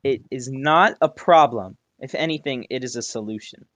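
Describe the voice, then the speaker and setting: A young man co-hosts a casual chat podcast and tells a childhood story. He rambles, breaks off mid-sentence and circles back. His middle-pitched voice comes through a muffled, lo-fi recording. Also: normal speed, fairly bright tone, no room sound. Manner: rambling, self-interrupting storyteller. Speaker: podcast co-host. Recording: muffled lo-fi sound.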